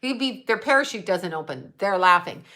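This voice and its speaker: A middle-aged woman tells a personal story on her psychic livestream, talking straight to her viewers. Her voice is bright and clear. She rambles from one point to the next, and her telling carries strong feeling. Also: medium pitch, expressive, normal speed. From United States. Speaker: psychic medium livestream host.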